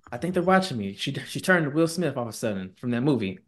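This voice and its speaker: A podcast co-host tells a story animatedly on a casual show, quoting the people involved in put-on voices. His voice is mid-range and a little fast.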